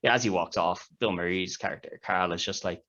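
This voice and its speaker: A podcast co-host talks casually about a film, retelling its scenes in a rambling fashion. His low-pitched voice sounds pushed and bright, and he speaks a little fast. The lo-fi recording has a dull sound.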